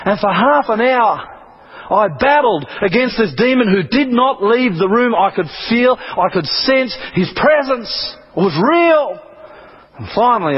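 A man's voice: extremely high pitch, expressive, measured pace, husky. A man from Australia, a preacher telling a testimony in an earnest, dramatic way with repeated phrases, on a dull lo-fi recording. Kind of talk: sermon testimony.

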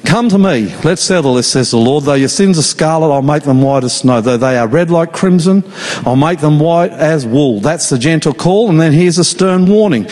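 A man preaching a sermon in an earnest, pleading, slow and emphatic way. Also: fairly high pitch, expressive, darkish tone. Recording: long reverb of a large hall.

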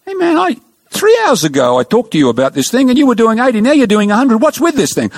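A man's voice: very high-pitched, very animated, fast talker, pitched above the performer's own voice, full character voice. A man playing a stern but kindly male traffic policeman who scolds a speeding driver. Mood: exasperated. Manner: scolding, then lenient.

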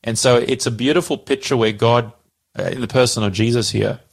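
A man's voice: medium pitch, steady tone, brisk, creaky, slightly rough. A man casually explaining a Bible passage, animatedly acting out the quoted dialogue.

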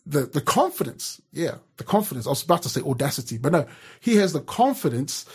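A man's voice: on the high side, very animated, brisk, darkish tone, breathy edge. A man from New Zealand giving a casual devotional talk, chatty and storytelling, with frequent fillers and restarts. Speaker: radio presenter giving a devotional.

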